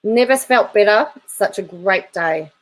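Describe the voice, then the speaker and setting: A woman's voice: mid-range voice, lively intonation, a little slow, low-quality recording. A woman hosting her own channel, reading viewer comments aloud and reacting in casual commentary, often breaking into laughter. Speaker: YouTube channel host.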